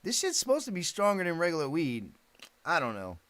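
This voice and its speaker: A man's voice: a little high, wildly swooping pitch, fairly quick, fairly bright tone, no echo. A man hosting a casual live stream, rambling, swearing freely and laughing often. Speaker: livestream host.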